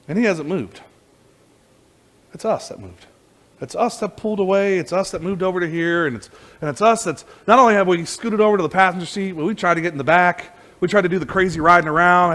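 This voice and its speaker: A man preaching a sermon as pastor, telling a story with lively energy and many restarts and repeated words. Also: high-pitched, a little fast.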